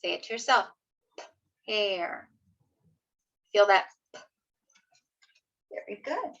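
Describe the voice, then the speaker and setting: A woman teaching young children letter sounds in an online lesson, slow and encouraging, sounding out each letter. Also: medium pitch, lively intonation. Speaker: kindergarten teacher. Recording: slightly dull lo-fi video audio.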